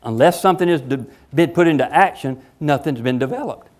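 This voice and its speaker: A man delivering a motivational talk to educators at a rapid clip. His voice sits a bit high, and his delivery is emphatic and folksy as he plays out imagined conversations. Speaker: education speaker.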